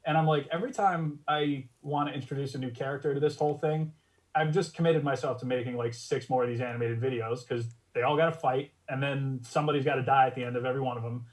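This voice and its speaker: A male guest chatting casually, telling things in a relaxed, rambling way with many fillers. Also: mid-range voice, quick pace, poor audio. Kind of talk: casual chat.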